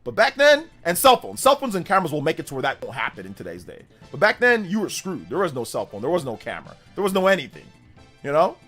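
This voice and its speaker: A man in his thirties, hosting a livestream and telling a childhood story in a casual, animated way. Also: on the high side, quick pace, soft background music. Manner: animated, with exaggerated voices for quoted people. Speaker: livestream host.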